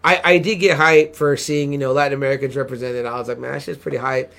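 A man from San Antonio, Texas, co-hosting a podcast, chatting casually and acting out excited quotes. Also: medium pitch, fast, creaky. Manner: animated storytelling, acts out excited quotes. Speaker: podcast co-host. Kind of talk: casual chat.

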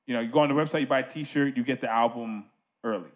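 A man's voice: mid-range voice, fast. A man hosting a casual music podcast, talking animatedly and checking in with "right?" asides.

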